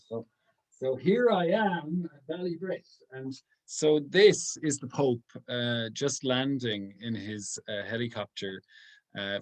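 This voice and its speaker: A man, a priest giving an informal talk to a group. He speaks earnestly and softly, pausing often as he thinks aloud. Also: fairly low pitch. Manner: halting, thinking aloud with many pauses.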